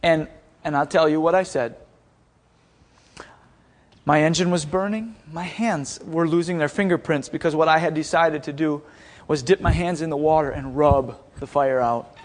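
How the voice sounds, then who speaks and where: High-voiced man telling a lively story sermon. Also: normal speed. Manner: animated, acts out quotes with shouts and laughs. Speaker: speaker at a school chapel.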